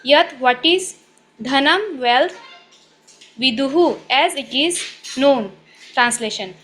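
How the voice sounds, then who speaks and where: A woman student reads word meanings and a translation aloud to the class. Her reading is steady and measured. Her voice sits high. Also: low-quality recording.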